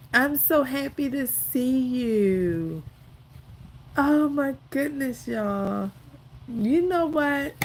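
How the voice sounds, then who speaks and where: Teary woman on a home craft stream, gushing and slow, keeps going oh my goodness y'all. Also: medium pitch, a little hiss or hum. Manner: gushing, repeats exclamations, addresses viewers as y'all. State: teary, near crying. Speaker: crafting livestream host. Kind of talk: emotional casual livestream chat. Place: indoors at home.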